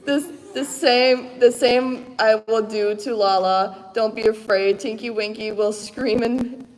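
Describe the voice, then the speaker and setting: A woman reading the lines of a calm, lecherous male wizard professor at a live panel. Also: fairly high pitch, slow pace. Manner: calm and soft. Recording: echoey convention hall.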